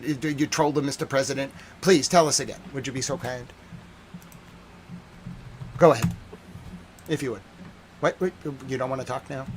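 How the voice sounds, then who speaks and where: Joking male live-streamer, loud and soft swings. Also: a little high, a little hiss or hum. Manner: joking, repetitive, swings between loud outbursts and quiet mutters. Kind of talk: live-stream commentary on news footage.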